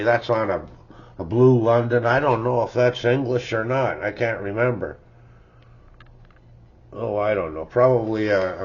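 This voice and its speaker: An older man, chatting casually and chuckling as he rambles through the records he loves, tagging his sentences with "eh?". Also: on the low side. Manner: rambling, chuckling, tags lines with "eh?". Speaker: music collector vlogger. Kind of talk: casual reminiscing about records. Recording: dull lo-fi home recording.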